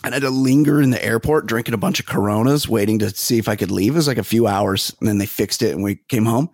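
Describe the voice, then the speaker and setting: A man's voice: lowish voice, fast, no echo, studio quality. A man co-hosting a comedy podcast, telling stories with jokey exaggeration in casual chat. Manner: animated storytelling, jokey exaggeration. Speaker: podcast co-host.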